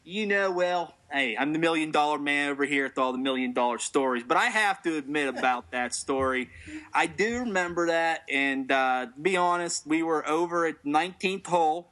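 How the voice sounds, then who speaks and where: Bright-voiced deadpan man. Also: fairly high pitch, moderate pace. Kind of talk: casual comedic banter.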